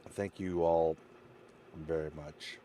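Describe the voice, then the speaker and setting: Closing out a live stream, this male game streamer speaks slowly in a rumbling low, dark voice with a steady tone. His casual sign-off is rambling and heartfelt, turning emotional as he thanks viewers, and a little hiss or hum sits under the recording.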